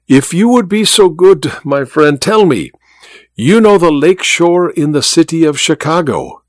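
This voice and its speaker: A man's voice: a little high, expressive, a little slow, no room sound, studio quality, pitched above the performer's own voice. A man doing a sly blind magician. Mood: courtly. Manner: grand, playful, with flourishes. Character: suave blind male stage magician, sly and theatrical.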